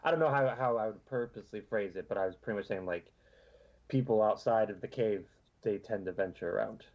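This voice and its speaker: Hesitant man, lower voice, dull mic. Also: fairly quick. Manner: hesitant, rambling. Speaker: player. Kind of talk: casual chat.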